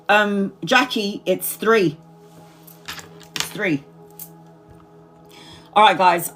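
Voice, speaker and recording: A woman's voice: medium pitch, fairly bright tone. A woman in her forties, a tarot reader chatting casually to subscribers on a livestream, rambling, repeating herself and laughing often. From Brazil. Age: 40s.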